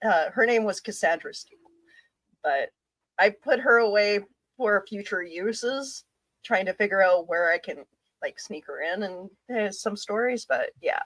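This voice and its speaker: Halting, laughing woman podcast co-host. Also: mid-range voice, fairly bright tone, dry recording, rough recording. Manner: laughs often, halting with restarts. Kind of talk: casual live-stream chat.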